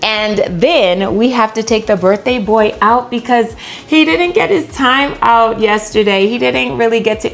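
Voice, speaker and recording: A woman's voice: a little high, measured pace, vocal fry. A woman talking casually to camera while she trains, chatty, and at times out of breath from moving. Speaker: vlogger. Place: home pole studio room.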